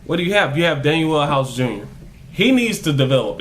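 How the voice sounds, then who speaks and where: A man's voice: mid-range voice, expressive, a little fast, a bit bright, slight background noise. Heated man ranting about basketball. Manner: heated, profane, repetitive emphasis. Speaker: basketball fan vlogger. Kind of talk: ranting sports commentary to camera.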